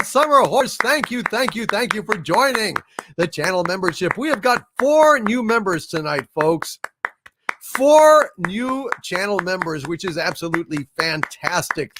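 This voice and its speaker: There's background noise behind this high male voice. He's a livestream host taking his time, reading viewer messages aloud in a drawn-out way and greeting and thanking each person by name.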